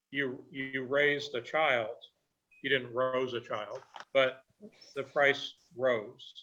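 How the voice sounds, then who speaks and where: A man's voice: medium pitch, sharp tone, poor audio. A man giving a grammar report at an online meeting, explaining word usage with examples over a video call.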